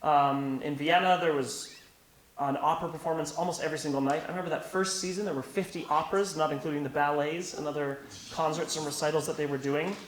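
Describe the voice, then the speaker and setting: A young man from Canada, an opera singer, telling stories in an animated interview manner. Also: fairly high pitch, quick pace. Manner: animated storyteller who laughs while telling anecdotes. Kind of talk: conversational interview. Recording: echoey room with faint hiss.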